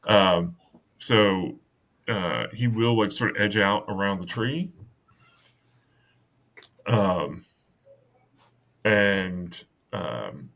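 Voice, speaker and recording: Male game master, low-pitched, unhurried, hesitant narration with frequent restarts. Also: vocal fry, fairly bright tone. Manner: halting, many fillers and restarts.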